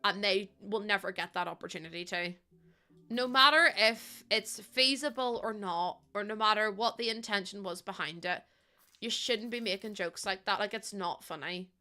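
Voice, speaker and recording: Chatty woman streamer with a bright voice. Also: mid-range voice, moderate pace. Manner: heated, chatty, talks to chat by name. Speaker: live streamer. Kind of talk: casual chat while building in a game.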